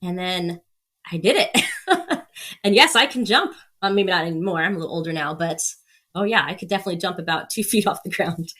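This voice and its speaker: A woman's voice: fairly low pitch, expressive, fairly quick, fairly bright tone. A woman in her thirties, a podcast guest telling stories with energy, laughing often and acting out the people she quotes. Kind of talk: casual storytelling.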